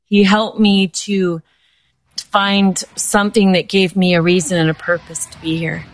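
A woman's voice: mid-range voice, little pitch movement, measured pace. An older woman, a guest in an interview, speaking candidly and with feeling. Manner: candid and heartfelt. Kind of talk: emotional interview.

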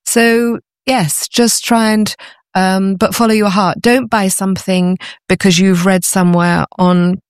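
A middle-aged woman being interviewed, chatty and enthusiastic, often pausing with ums as she explains. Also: mid-range voice, flat delivery, smooth, dry recording, clean studio sound. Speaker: guest, antiques author. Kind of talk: conversational interview.

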